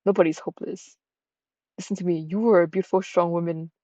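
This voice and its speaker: A woman voicing a kind man who gently reassures a crying woman. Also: on the low side, steady tone, fairly quick, no room sound, highs cut off, lightly acted. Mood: reassuring.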